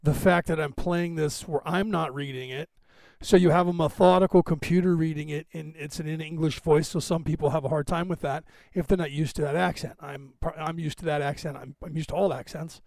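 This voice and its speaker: A man's voice: a little high, steady tone, brisk, gravelly, darkish tone, no echo. A man hosting a podcast, talking in a digressive, self-assured casual monologue full of asides and tangents. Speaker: podcast host.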